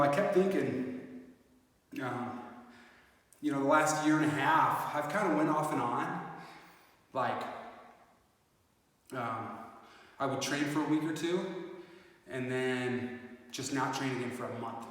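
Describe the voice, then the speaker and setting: A man's voice: a little high, unhurried, long pauses, a bit bright. A man in a casual fitness vlog, talking reflectively with many fillers, recorded on a phone set up some distance away. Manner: rambling, reflective, lots of fillers. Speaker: fitness vlogger. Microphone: phone camera set up at a distance. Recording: echoey, roomy, from far off phone.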